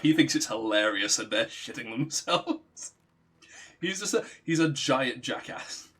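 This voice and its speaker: A man casually recounting a tabletop game session, animated, swearing freely and laughing often. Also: mid-range voice, moderate pace, husky. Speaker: streamer recounting a tabletop campaign. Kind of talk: casual storytelling.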